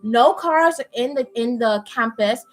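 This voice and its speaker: High-voiced Bahamian woman telling a story. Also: measured pace, rough recording. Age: young adult. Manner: animated, chatty storyteller with frequent laughs. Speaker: live-stream host. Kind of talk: casual chat, storytelling. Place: at home indoors.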